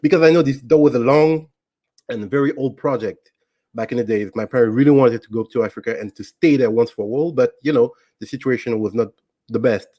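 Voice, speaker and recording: A man recounting a personal story as an interview guest, in an easygoing, unhurried way. His voice sits at a middling pitch, and he pauses with ums and restarts as he goes. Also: no echo, muffled recording. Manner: relaxed, anecdotal, with frequent ums and restarts. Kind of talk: casual storytelling.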